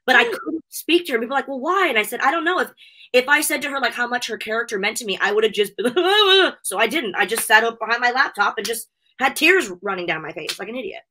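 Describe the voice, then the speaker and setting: A woman's voice: a little high, quick pace, sharp tone. A middle-aged woman chatting as an interview guest, gushing and emotional, laughing often as she talks. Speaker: interview guest, wrestling show host. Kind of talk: casual interview chat.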